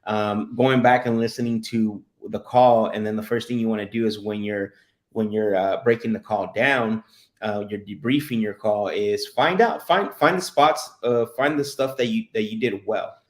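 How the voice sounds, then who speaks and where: A man's voice: lowish voice, normal speed, roomy sound. Sales coach guy chatting on a podcast, keeps restarting his sentences, laughs a lot. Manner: animated, repeats and restarts words, laughs while telling stories. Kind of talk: casual podcast chat.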